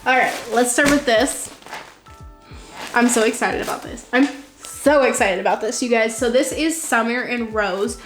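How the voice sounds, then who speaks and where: A young woman gushes excitedly as she unboxes at home, her slightly high voice bouncing around an echoey room. She chats casually and laughs often. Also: moderate pace, faint music behind. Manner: gushing, excitable, laughs often, says "oh my God" a lot. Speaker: vlogger unboxing a subscription box. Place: home room, seated on a chair.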